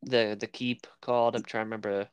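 A man's voice: on the low side, flat delivery, brisk, smooth, no echo. A man co-hosting a casual film podcast, rambling and searching for words as he talks. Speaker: podcast co-host. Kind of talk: casual chat about film.

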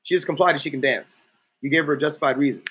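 A man's voice: a little high, very fast, a bit bright, a little hiss or hum. A man giving a profane, emphatic coaching talk, acting out quoted people in different voices. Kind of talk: coaching talk with acted-out anecdotes.

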